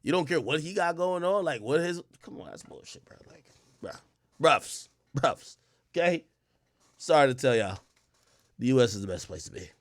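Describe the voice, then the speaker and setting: A young man ranting on his livestream, heated and profane, firing off rhetorical questions. His pitch sits a bit high for a man and swings widely. The sound is dry and close. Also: animated, moderate pace, long pauses, dry recording. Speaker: livestream host. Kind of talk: casual livestream rant.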